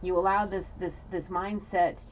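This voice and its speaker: Her voice sits on the low side, moves little in pitch, and runs a little slow as this New York City intuitive reader bluntly scolds an absent listener. She restarts often, and the lo-fi recording sounds dull with a faint layer of noise.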